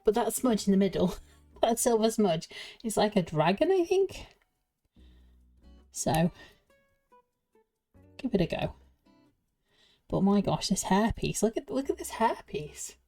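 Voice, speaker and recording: A woman talks her way through building a Lego set, slow and chatty, her pitch bouncing around as she giggles to herself. She sounds slightly out of breath, with faint game music playing behind her. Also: big pitch swings, mellow. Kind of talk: casual build commentary.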